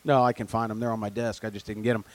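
A man preaching a sermon, moving between soft conversational asides and loud emphatic peaks. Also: lowish voice, little pitch movement, rapid-fire, dry recording. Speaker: pastor.

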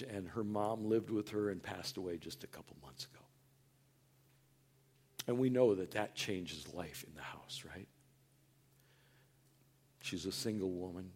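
Earnest, animated male pastor preaching. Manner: animated, acts out quoted voices in a higher, louder tone; earnest and conversational, drops soft for tender points. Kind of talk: sermon.

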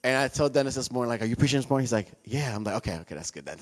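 A church minister speaking to the congregation, hesitant with many fillers and restarts, turning playful. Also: male voice, medium pitch, expressive, rapid-fire. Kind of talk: church announcement. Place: church sanctuary.

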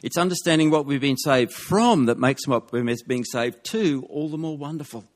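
A man preaching a sermon, measured and emphatic, dropping his voice on key words. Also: a little high.

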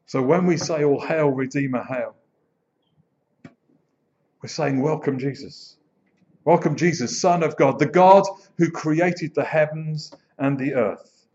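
Male pastor, slightly higher voice, preaching with expressive, drawn-out phrasing on a muffled recording. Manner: expressive, slows to dwell on phrases, animated storytelling. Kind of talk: sermon. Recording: dull lo-fi sound.

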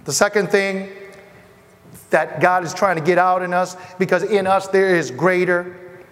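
A man's voice: high voice, steady tone, unhurried, a bit bright. A middle-aged man from Asia preaching a sermon in a conversational way, speaking directly to the congregation. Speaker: pastor. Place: church hall. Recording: long hall reverb.

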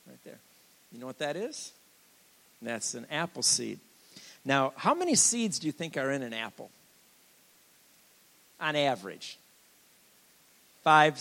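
In a big-sounding room, an older guest preacher with a medium-pitched voice and vocal fry shares his testimony, telling it frankly, with jokes and lively storytelling.

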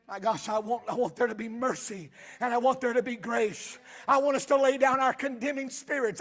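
Man, pastor, sermon, very high-pitched, impassioned, shouting peaks. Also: brisk, hardly any pauses. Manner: impassioned, building to shouted crescendos.

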